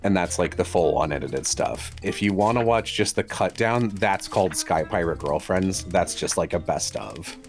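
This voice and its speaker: A man chatting casually on a livestream, his stories animated and broken up by quick bursts of laughter. Faint music plays underneath his voice. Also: low voice. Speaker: livestream co-host. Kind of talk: casual stream chat.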